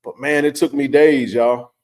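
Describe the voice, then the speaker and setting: A man hosting a live stream, telling a personal story in a loose, animated way with lots of fillers and restarts. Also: medium pitch, unhurried. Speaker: livestream host. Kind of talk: casual storytelling to a live chat.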